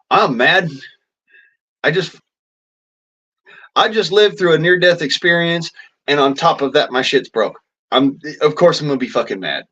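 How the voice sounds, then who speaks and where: A man's voice: a little high, bright, forceful tone, breathy edge. Swearing man ranting on a lo-fi phone. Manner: heavy swearing, blunt and rambling. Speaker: vlogger. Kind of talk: angry ranting vlog.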